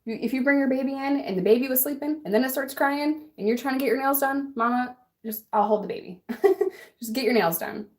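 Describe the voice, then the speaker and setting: A woman's voice: sits high, brisk, darkish tone. A young adult woman vlogger chatting casually and bluntly while doing her makeup, laughing often and answering a live chat.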